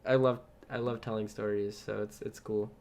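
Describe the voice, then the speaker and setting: A man's voice: on the low side, level tone, moderate pace, darkish tone. A young man co-hosting a podcast, telling a long story in casual chat, rambling, swearing often and laughing at himself. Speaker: podcast co-host.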